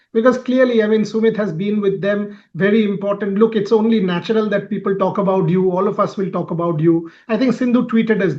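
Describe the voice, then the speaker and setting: A man's voice: sits high, muffled recording. A man interviewing a badminton coach, asking long, wordy questions. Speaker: sports interviewer.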